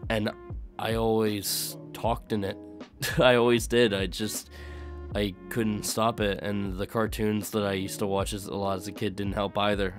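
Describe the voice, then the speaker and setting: A young man who grew up in the UK, talking in a mixed American-sounding accent, chatting casually on a stream, rambling and laughing, with light swearing. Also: lowish voice. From United Kingdom. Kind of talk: casual chat to live chat.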